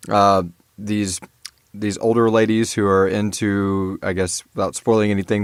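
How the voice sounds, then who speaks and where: A man hosting a podcast interview, talking in a rambling, halting way with many restarts. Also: lowish voice, no echo. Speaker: podcast host. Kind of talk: casual interview chat.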